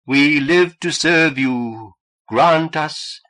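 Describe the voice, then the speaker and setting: A man reading an audiobook and voicing a male cult leader who chants slowly and loudly in a sing-song way, calling on the devil. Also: on the high side, faint music behind, pitched above the performer's own voice, heavily acted. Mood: solemn chanting.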